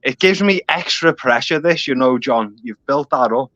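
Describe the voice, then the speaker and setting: A man's voice: medium pitch, expressive, normal speed, bright, forceful tone, muffled recording. A man from Merseyside with a Scouse accent, chatting casually with local slang. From Merseyside, England. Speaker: guest. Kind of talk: casual chat.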